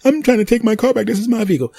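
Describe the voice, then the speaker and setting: Man doing a shrill whiny jilted woman, begging, voice pitched up high. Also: racing, vocal fry, dark tone, no echo, clean studio sound, full character voice. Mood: pleading. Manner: whiny, pleading. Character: pleading jilted woman, ex-girlfriend.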